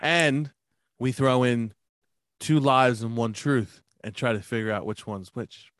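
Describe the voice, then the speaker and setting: A man telling stories in a casual chat, animated, swearing a lot and laughing often. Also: medium pitch, a little slow. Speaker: podcast co-host.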